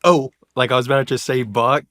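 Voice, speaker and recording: A man's voice: mid-range voice, little pitch movement, fast, a bit bright. A man who is a podcast guest, chiming in with laid-back, chuckling asides during a casual chat.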